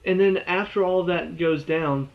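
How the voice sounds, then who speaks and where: Male game reviewer, a bit high-pitched, exasperated casual rambler, muffled recording. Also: measured pace, vocal fry. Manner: rambling, exasperated, with many "you know" and "all of a sudden".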